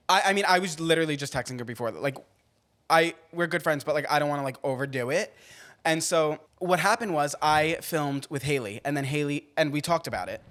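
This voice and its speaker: A young man from Long Island, chatting on a podcast. His voice rises and falls a lot, and he leaps into loud, high-pitched shrieks whenever he acts out a scene. His storytelling is animated, quick and playful. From Long Island, New York. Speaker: podcast co-host. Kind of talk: casual chat.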